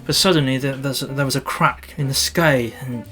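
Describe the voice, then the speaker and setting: A man talking casually about his landscape photographs in a vlog, halting and restarting often with small self-deprecating asides. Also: medium pitch, fairly bright tone, faint music behind.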